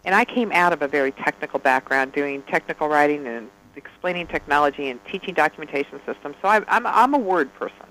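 A man with a notably high voice in easy conversation. He tells his stories with energy, acting out each exchange as he goes. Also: fast, few pauses, a little hiss or hum, low-quality recording. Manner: animated storyteller who acts out dialogue. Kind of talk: casual chat.

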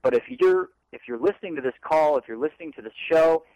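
A man's voice: a little high, lively intonation, fast, warm tone, no echo, low-quality recording. An earnest man co-hosting a self-help show, talking in a loose, rambling way. He drifts into playing out the chatter in his own head. The sound is close and dry. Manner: earnest, rambling, acts out inner voices. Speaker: co-host.

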